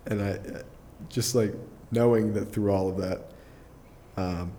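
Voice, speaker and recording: Young adult male guest, low mellow voice, casual rambling storyteller, chuckles often. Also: steady tone, unhurried, slight background noise. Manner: rambling, filler-heavy, restarts often, chuckles through his story. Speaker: podcast guest. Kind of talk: casual personal storytelling in an interview.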